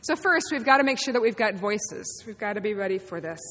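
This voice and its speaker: A woman's voice: medium pitch, expressive, a little fast, fairly bright tone. A woman pastor preaching a sermon to her congregation, in an encouraging, playful manner. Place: church sanctuary. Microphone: amplified sanctuary mic. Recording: long hall reverb in a sanctuary.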